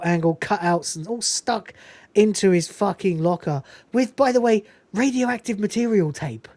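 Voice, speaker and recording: A woman's voice: medium pitch, darkish tone, no room sound. A woman hosting a podcast, chatting casually and enthusiastically about a film, swearing freely and laughing often. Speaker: podcast host reviewing a film. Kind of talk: casual chat.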